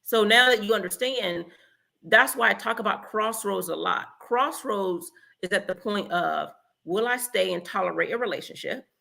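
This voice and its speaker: A woman's voice: medium pitch, normal speed, creaky, sharp tone. A woman hosting a relationship advice talk, blunt and emphatic, acting out little example conversations. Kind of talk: direct-to-camera advice talk.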